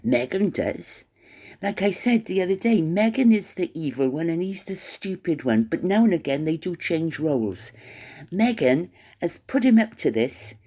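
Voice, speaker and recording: A woman's voice: on the low side, sing-song, moderate pace, mellow. A woman giving an opinionated commentary monologue, scornful, with stammering restarts. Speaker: commentary vlogger.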